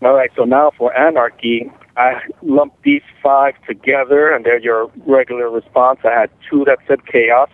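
A man reporting results on a radio show, speaking in a plain, matter-of-fact and slightly halting way. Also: mid-range voice, little pitch movement, no room sound. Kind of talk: casual on-air report. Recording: tinny dry phone line.

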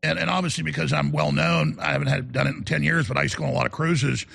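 Gravelly, raspy talk radio host. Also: male voice, a little high, animated, fast talker, a bit bright. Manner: rambling, emphatic, repeats words.

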